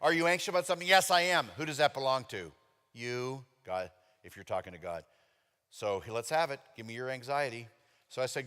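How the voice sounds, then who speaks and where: A middle-aged male pastor preaching a sermon in a chatty storytelling way, with sudden animated outbursts. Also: mid-range voice, fairly quick, smooth. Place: church sanctuary. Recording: long reverb of a church hall.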